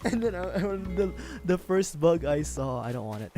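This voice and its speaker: A man's voice: a little high, expressive, moderate pace, warm tone, faint music behind. A man streaming a video game, chatting casually and rambling, joking, swearing freely and laughing at himself. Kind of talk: casual gaming livestream chat.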